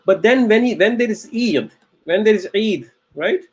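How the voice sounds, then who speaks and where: A man's voice: high voice, animated, moderate pace, husky. A man teaching a recorded Arabic grammar lecture, patiently repeating key phrases and often checking with "okay?".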